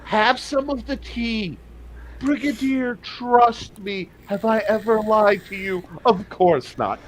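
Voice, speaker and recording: A game master voicing a smooth-talking male elf pimp with a coaxing, persuasive patter in a tabletop role-play. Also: medium pitch, takes it slowly, slight background noise, lightly acted.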